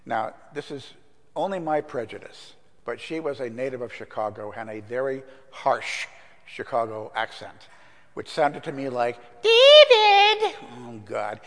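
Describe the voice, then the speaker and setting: An older man gives a conversational sermon, mixing stories with scripture in an everyday, mid-pitched voice. His words echo with a long church reverb. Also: normal speed. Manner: conversational, anecdotal, with fillers. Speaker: pastor.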